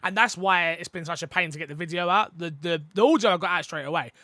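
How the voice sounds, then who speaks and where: A man's voice: high voice, quick pace, sharp tone, dry recording. A British man hosting a podcast in casual chat, playful and jokey. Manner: playful, jokey, trying out silly voices. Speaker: podcast host.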